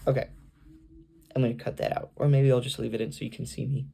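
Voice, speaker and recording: A young man with vocal fry, rambling self-consciously with lots of fillers as he records a casual home video, reading aloud for his family on the camera's built-in mic. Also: mid-range voice, little pitch movement, quick pace, dark tone. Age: young adult. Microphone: camera's built-in mic, no external microphone.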